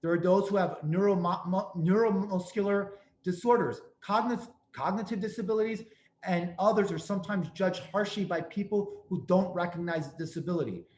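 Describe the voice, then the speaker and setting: A man's voice: sits high, fairly quick, darkish tone, roomy sound. A man hosting a talk, giving earnest, emphatic advice and stressing his key points over and over. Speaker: host and speaker on restaurant accessibility.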